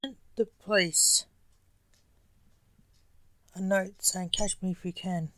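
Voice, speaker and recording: A woman's voice: medium pitch, fairly even intonation, slow pace, fairly bright tone, no room sound. A woman reading the lines of a matter-of-fact male king of the grim reapers in a storybook. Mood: plain.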